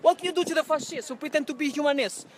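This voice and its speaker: A man with a very high voice rants at his own handheld camera on a city street, hurling repeated accusations. His English has non-native phrasing, and the words tumble out at a rapid clip. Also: slight background noise. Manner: loud, accusatory, repetitive ranting. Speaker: activist street vlogger confronting staff. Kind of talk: livestreamed street rant to camera. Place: outdoors on a city street by a building entrance. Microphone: handheld camera or phone he speaks into.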